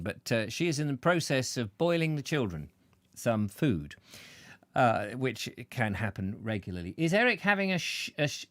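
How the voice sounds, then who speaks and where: A man's voice: medium pitch, no echo, clean studio sound. A man hosting a chatty show, rambling playfully and tripping over names as he reads out comments. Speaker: show host. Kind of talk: chatty live-stream banter.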